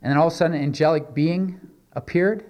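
A man's voice: fairly high pitch, fast, a little mellow. A male pastor preaching a sermon, reading scripture aloud and then explaining it in a conversational way with many rhetorical questions.

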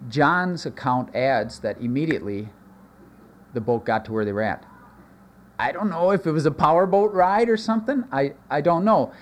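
A man preaching a conversational sermon, animated, with asides and sudden jumps in pitch. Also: moderate pace. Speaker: pastor. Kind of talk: expository sermon.

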